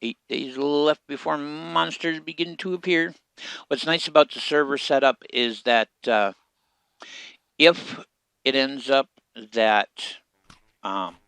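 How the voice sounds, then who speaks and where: Gravelly man narrating his gameplay. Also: mid-range voice, no echo. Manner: relaxed, muttering to himself while playing. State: hiccups. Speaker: game streamer. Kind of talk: casual gameplay commentary.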